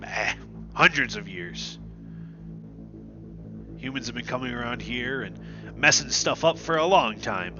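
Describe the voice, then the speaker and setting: A man voicing a surly goat-legged male creature with a gruff, whiny voice, in an online tabletop game. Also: mid-range voice, lively intonation, a little slow, pauses often, dull audio, music in the background, lightly acted. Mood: grumbling.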